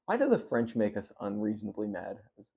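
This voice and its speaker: A man's voice: on the low side, wildly swooping pitch, fairly quick, creaky, warm tone, lo-fi sound. A man co-hosting a podcast, joking and swearing in casual chat. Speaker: podcast co-host.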